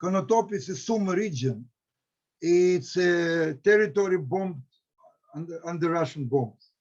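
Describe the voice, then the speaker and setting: A middle-aged Ukrainian man, a historian, speaking halting, non-native English in an emotional discussion with students, with many restarts. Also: sits high, expressive, a little mellow. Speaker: historian, center director. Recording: dull lo-fi recording.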